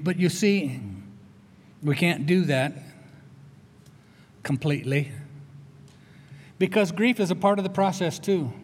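An older man, a chaplain, preaching a sermon in an earnest, conversational storytelling way. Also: on the high side. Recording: long reverb of a large hall.

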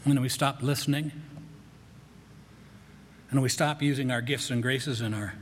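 A man preaching a conversational sermon as pastor, with frequent restarts and quick asides. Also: medium pitch, steady tone, slight background noise. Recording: long hall reverb.

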